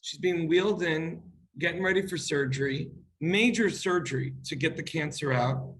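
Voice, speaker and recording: A man's voice: a little high, moderate pace, fairly bright tone, a little hiss or hum, rough recording. A man hosting an interview, effusive and emotional as he praises his guest and shares a personal story. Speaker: interview host. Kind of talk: casual interview chat.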